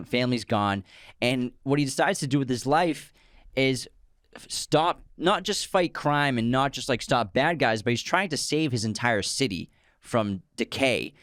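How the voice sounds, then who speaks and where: A man's voice: mid-range voice, fairly bright tone, no echo. Chatty young man, dry close voice. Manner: chatty, eager fan. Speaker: podcast co-host. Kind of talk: casual film chat.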